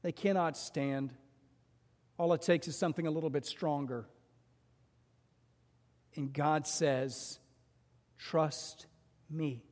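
Pastor preaching animatedly in a reverberant hall. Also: male voice, fairly high pitch, slow, pauses often. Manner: animated storytelling with voiced quotes. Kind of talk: sermon.

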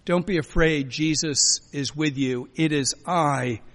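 A man preaching a sermon as a pastor, emphatic, swinging between loud urging and quiet, soft lines. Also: on the high side, slow. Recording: long hall reverb.

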